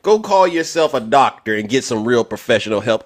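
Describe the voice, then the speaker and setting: A man hosting a live online debate stream, teasing his guest theatrically and swinging from loud outbursts to hushed asides. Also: mid-range voice, animated, fairly quick. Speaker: livestream debate host. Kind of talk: animated mocking commentary.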